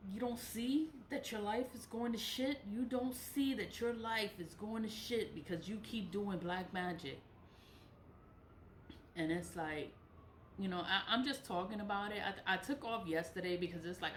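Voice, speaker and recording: A woman's voice: medium pitch, reverberant, a little hiss or hum. A woman talking straight to her viewers in a casual monologue, repeating her warnings with emphasis, swearing freely and laughing between points. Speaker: nonprofit director giving spiritual warnings. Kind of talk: casual spoken monologue to camera.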